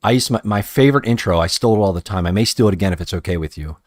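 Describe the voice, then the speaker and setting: Low-voiced man rambling through a live stream. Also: animated, racing, a little mellow, dry recording, clean studio sound. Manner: profane, rambling, restarts sentences often. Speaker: hobbyist streamer painting action figures. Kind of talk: casual live-stream chat.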